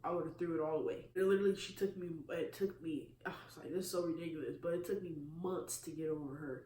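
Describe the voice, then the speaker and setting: A man's voice: a little high, fairly even intonation, quick pace, a little mellow, a little hiss or hum. A man vlogging a personal faith testimony, earnest and confessional in tone. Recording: echoey room from a distance.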